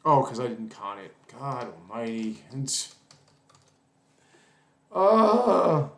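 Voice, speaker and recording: A man's voice: lowish voice, a little slow, a bit bright, roomy sound. A man teaching a casual coding lesson while typing, rambling, apologizing, and cursing at his own mistakes. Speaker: coding tutorial instructor.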